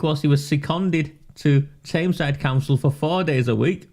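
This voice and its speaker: A man's voice: fairly high pitch, normal speed, few pauses, a little mellow. A man doing casual live commentary on local politics for his viewers. He talks in a sarcastic, mocking way and often breaks into laughter.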